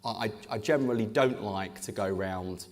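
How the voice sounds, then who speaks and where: A man's voice: lowish voice, moderate pace. A man, an English politician, speaking in a live on-stage conversation with punchy, joking delivery. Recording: echoey hall with long reverb.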